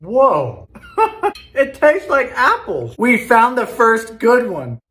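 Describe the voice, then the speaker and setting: A man baking from vintage recipes, narrating with campy, theatrical sarcasm and sudden loud exclamations, in a home kitchen. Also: very high-pitched, huge pitch swings, takes it slowly, echoey room. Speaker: home baker.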